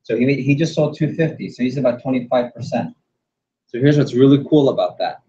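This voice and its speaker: A man running a sales training class, animated and quizzing the group with questions. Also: mid-range voice, fairly quick. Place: training room. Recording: dull lo-fi recording.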